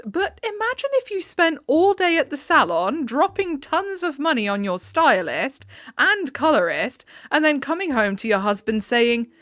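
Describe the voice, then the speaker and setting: A woman's voice: a little high, a bit bright, dry recording, clean studio sound. A woman at home giving a dramatic reading of online stories, acting out the dialogue and laughing often. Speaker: story narrator. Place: home room with window.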